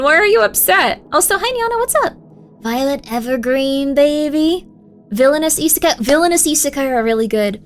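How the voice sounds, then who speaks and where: Young woman, high voice, chatty live stream, excited shouts, faint music behind. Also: normal speed. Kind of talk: casual live-stream chat.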